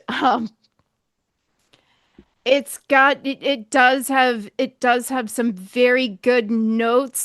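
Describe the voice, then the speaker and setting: A woman with a high voice, recorded close and dry with little room sound. She co-hosts a casual bourbon tasting stream, answering in a hesitant, understated way with a dry wit. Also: fairly bright tone, clear, resonant tone, no echo. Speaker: podcast co-host.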